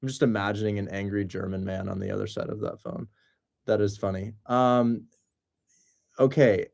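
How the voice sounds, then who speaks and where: A young man hosting a casual livestream, excitable and joking. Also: fairly low pitch, moderate pace, creaky. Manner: excitable and joking, breaks into loud mock accents. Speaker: host of a livestream on real estate wholesaling.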